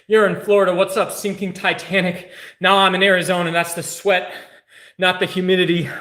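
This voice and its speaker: High-voiced hyped workout streamer man. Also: flat delivery, a little fast, sharp tone, roomy sound. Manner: hyped, joking, profane coaching chatter; soothing exercise cues. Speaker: fitness streamer. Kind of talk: casual live workout chat.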